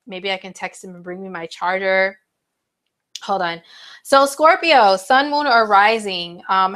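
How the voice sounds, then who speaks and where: A woman's voice: mid-range voice, sharp tone. A young adult woman hosting a casual live horoscope stream on her phone, chatty and full of fillers and asides to her viewers. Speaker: astrology livestream host.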